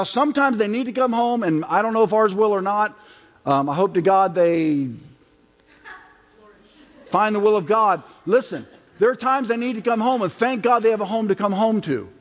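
Middle-aged man, high voice, chatty preaching style with acted quotes, big reverberant church sound. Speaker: pastor. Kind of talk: sermon. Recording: long reverb of a large hall.

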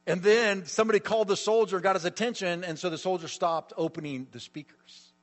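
A man's voice: high voice, fairly quick. Emphatic middle-aged preacher man, hall echo. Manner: emphatic storytelling with repetition. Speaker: pastor. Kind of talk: sermon. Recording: reverberant hall.

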